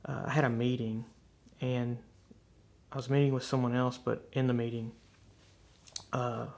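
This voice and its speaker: A man's voice: medium pitch, level tone, moderate pace, gravelly, darkish tone. A man earnestly and candidly telling a personal faith testimony, reflecting on what happened to him. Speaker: speaker sharing a faith testimony.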